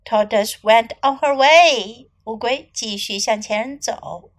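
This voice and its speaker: Woman teacher, bilingual children's story reading, slow clear delivery, high lively voice.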